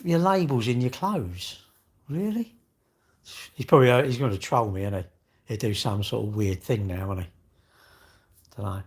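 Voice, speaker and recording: An English man hosts a livestream, rambling and mocking in casual chat while he reads out and responds to comments. His voice is medium-pitched with a breathy edge.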